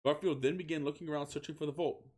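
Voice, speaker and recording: A man's voice: on the high side, racing, breathy edge. Man reading fan fiction aloud. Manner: reads in a flat voice, often breaking into laughter. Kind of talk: comedic dramatic reading.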